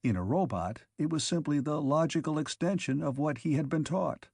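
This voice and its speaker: A man narrates a science fiction audiobook in a measured, even way. His voice sits a little high for a man, and the recording is dry and close with no room sound. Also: vocal fry, slightly rough, dry recording.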